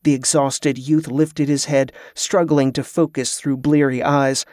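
A man narrating a fantasy novel in a steady, measured storytelling voice. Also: mid-range voice, dry recording, clean studio sound.

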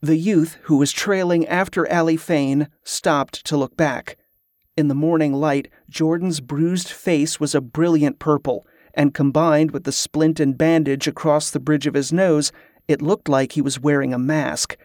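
A steady audiobook narrator reading a novel at a middle pitch. The delivery is even and plain. The recording is close and dry, with no room sound. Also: measured pace, no room sound. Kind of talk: scripted narration.

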